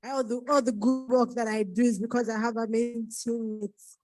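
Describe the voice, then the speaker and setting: A woman's voice: a little high, level tone, normal speed, a little mellow, faint music behind, low-quality recording. Tearful woman giving thank-you speech. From Nigeria. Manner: tearful, holding back crying. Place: book launch event.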